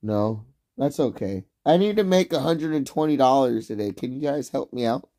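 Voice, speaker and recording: A young man livestreaming, ranting and yelling insults at his chat, then dropping to low mutters. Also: animated, normal speed. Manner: swings between shouting and low mutters. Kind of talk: casual livestream rant.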